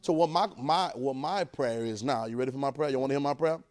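A man preaching a sermon, urging the congregation to repeat lines after him and swinging between quiet, drawn-out talk and loud bursts. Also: medium pitch.

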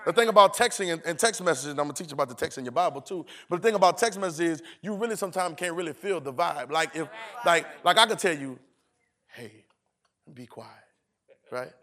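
Male preacher, AAVE, high voice, playful call-and-response, acts out lines. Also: fast, pushed and bright. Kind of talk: sermon.

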